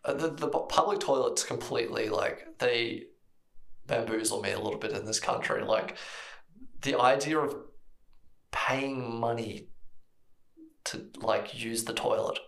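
A man's voice: medium pitch, unhurried, gravelly, pauses often, fairly bright tone, reverberant. A man from Australia with an Australian accent, co-hosting a casual chat and telling a long story, often laughing and slipping in bits of other people's voices. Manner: rambling, laughs often, mimics people in stories. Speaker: podcast co-host.

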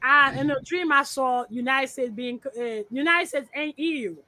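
A woman's voice: high-pitched, moderate pace, sharp tone, no echo. A woman guesting on a podcast over a remote call, talking bluntly with profanity and repeating her points. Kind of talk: casual podcast chat.

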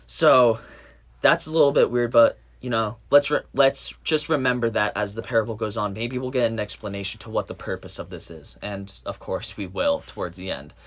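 A man's voice: lowish voice, fairly even intonation, normal speed, a bit bright. A man leading a casual Bible study discussion, reading scripture aloud and explaining it loosely with plenty of fillers.

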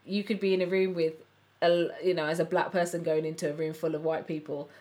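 A woman from the English Midlands co-hosts a podcast, chatting casually in an earnest, reflective way. Her voice is lowish and a little mellow, fast, with little pitch movement.

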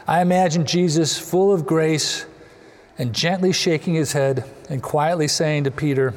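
A man preaching a sermon in a cathedral, earnest, sometimes gently acting out the people he quotes. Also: on the high side, fairly even intonation, a little slow. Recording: long reverb of a large hall.

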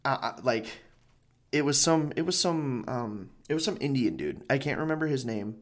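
A man in casual conversation, rambling through a story with plenty of fillers and swearing. His voice sits at an ordinary middle pitch. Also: lively intonation, moderate pace.

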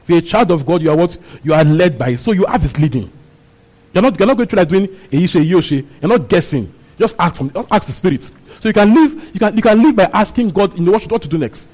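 A man preaches a sermon teaching on a Bible passage, speaking fast in a high, expressive voice with a darkish tone. He repeats his phrases and puts questions to the congregation. The recording is rough.

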